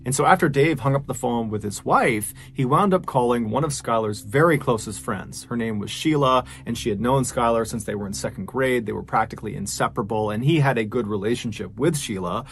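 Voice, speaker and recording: A man's voice: medium pitch, expressive, fairly quick, creaky, slight background noise. Conversational male true-crime storyteller. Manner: casual, conversational, many "you know" fillers. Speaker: host and storyteller.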